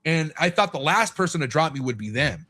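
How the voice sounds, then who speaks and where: A man's voice: on the high side, lively intonation, fairly quick, bright, forceful tone. Candid, foul-mouthed man on a podcast. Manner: candid, swears freely, acts out quotes. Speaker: podcast guest. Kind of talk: casual podcast chat.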